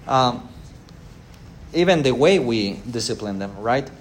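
A man teaching a church Bible class in a halting way, with many fillers, acting out everyday quotes and asking the class questions. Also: mid-range voice, animated, slight background noise.

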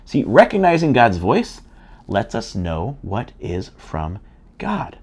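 A man's voice: lowish voice, wildly swooping pitch, slow, darkish tone, husky. A middle-aged man, a pastor, teaching a sermon in an earnest, conversational way with frequent restarts.

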